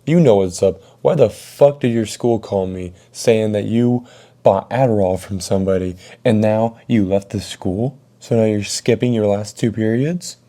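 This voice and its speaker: An enraged mom barks at her son and stacks up punishment after punishment, as a man puts her on. The voice sits low and very dark. She curses freely and sounds fed up. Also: moderate pace, natural voice. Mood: furious. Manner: yelling, cursing, piling on punishments. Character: furious mother scolding her teenage son.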